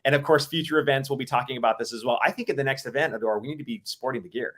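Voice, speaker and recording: A man with a Utah accent co-hosting an online summit on a video call, animated and self-deprecating. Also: medium pitch, rapid-fire. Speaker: co-host. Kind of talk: casual livestream hosting.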